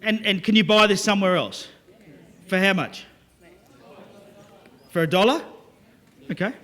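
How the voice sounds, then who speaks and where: High-voiced man working a seminar crowd. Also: unhurried. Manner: lively, joking, audience-engaging. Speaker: business speaker. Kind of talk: live seminar talk to an audience.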